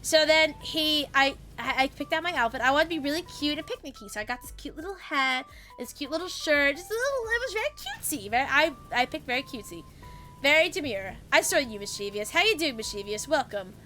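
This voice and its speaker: A young woman streamer telling a story in casual chat, animated, swearing freely and laughing as she goes. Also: sits high, brisk, soft background music.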